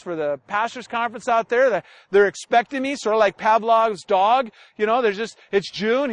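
A man's voice: high voice, no echo. A man preaching a sermon who tells stories and acts out both sides of family arguments. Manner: animated storytelling, acts out family dialogue. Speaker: pastor.

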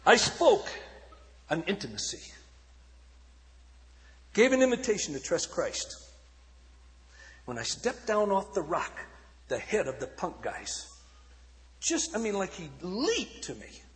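A man's voice: high voice, huge pitch swings, takes it slowly, pauses often. Dramatic preacher man in a reverberant hall. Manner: dramatic, shifting from shouts to hushed tones. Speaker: evangelist speaker. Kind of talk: sermon storytelling.

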